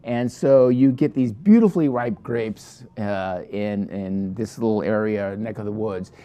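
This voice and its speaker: A man pitches a wine from his shop in a loose, chatty review. He rambles and sidetracks himself, restarting his sentences often, in a mellow, darker voice. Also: a little slow, muffled recording. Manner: rambling, digressive, many restarts.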